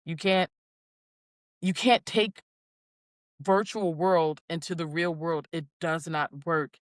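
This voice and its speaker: Animated woman in her forties, dry sound. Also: lowish voice, slow pace, dry recording. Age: 40s. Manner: animated storyteller, acts out quotes. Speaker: podcast co-host. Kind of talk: casual chat.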